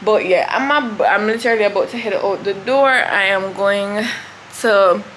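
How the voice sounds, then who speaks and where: A woman's voice: medium pitch, moderate pace, fairly bright tone, slight background noise. A young woman with a Jamaican accent, chatting casually to camera as a vlogger and thinking aloud about her plans. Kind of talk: casual vlog chat.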